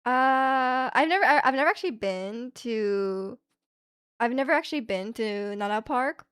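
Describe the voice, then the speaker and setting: A woman's voice: on the high side, expressive, moderate pace, fairly bright tone, clear, resonant tone, dry recording, studio quality. A young woman livestreaming from home, chatting in a rambling way and reading out viewer comments with light laughs.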